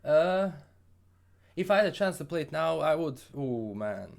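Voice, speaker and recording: A man's voice: on the high side, lively intonation, unhurried, vocal fry. A man from Bosnia with a Bosnian accent, hosting a casual gaming livestream and answering viewer questions in an upbeat, rambling way with frequent restarts.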